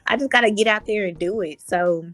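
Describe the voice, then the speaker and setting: A woman's voice: medium pitch, fairly quick, fairly bright tone, soft background music. A woman in her thirties, a podcast guest talking candidly and expressively, acting out her own thoughts as quotes. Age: 30s. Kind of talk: casual candid conversation.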